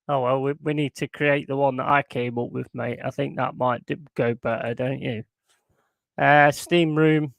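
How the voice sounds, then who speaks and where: A man's voice: on the high side, creaky, a bit bright, clear, resonant tone, no echo. A man chatting casually to his live stream viewers in a rambling, sweary way, chuckling often. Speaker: football watchalong streamer.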